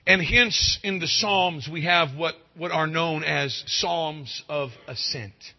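A man preaching a revival sermon, swinging from hushed pleading to loud exclaiming and stretching out key phrases. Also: fairly high pitch. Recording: dull lo-fi sound.

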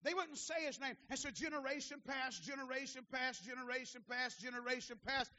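A man preaching a sermon as pastor, building from steady teaching to fervent shouted calls and then falling back to quiet asides, repeating phrases for emphasis. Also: very high-pitched, brisk, hardly any pauses, muffled recording.

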